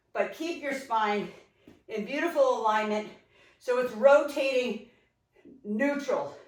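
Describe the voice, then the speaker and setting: A woman coaching a home workout, breathless yet upbeat as she counts down reps and cheers you on. She sounds a little distant from the microphone. The room around her is echoey. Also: fairly high pitch. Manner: energetic, encouraging, counting down reps. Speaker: fitness instructor. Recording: echoey room, mic far off.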